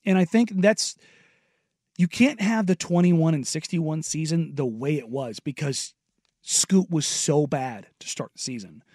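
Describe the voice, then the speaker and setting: A laid-back man talking sports in a casual podcast chat, with a voice a little higher than most men's. He often drops quieter and laughs easily. The sound is dry and close. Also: unhurried, no room sound.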